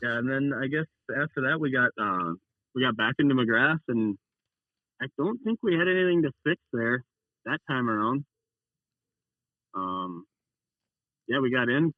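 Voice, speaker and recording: Young man, casual storyteller, mid-pitch voice, tinny phone line, no room sound. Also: animated, a little slow, pauses often, dry recording. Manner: rambling storyteller, acts out his own quotes. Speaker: racer telling his race story. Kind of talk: casual call-in chat.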